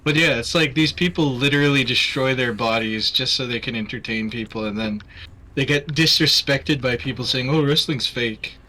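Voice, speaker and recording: A man's voice: mid-range voice, normal speed, pushed and bright. A man hosting a charity stream, chatting casually while gaming, rambling and swearing as he gets heated about wrestling.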